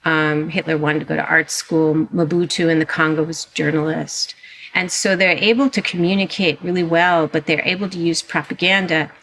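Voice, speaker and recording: Animated woman, low voice. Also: normal speed. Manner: animated, emphatic, frequent restarts. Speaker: guest historian and author. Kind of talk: conversational interview.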